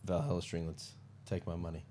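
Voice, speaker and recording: A man's voice: sits low, a little fast, warm tone, a little hiss or hum. A man co-hosting a casual podcast chat, laughing often and trading playful banter.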